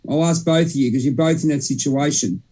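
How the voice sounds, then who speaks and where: Speaking fairly quickly, a young male podcast co-host has a slightly high voice with a dark tone and a breathy edge. He rambles through a casual spiritual chat, cutting himself off mid-sentence and swearing mildly.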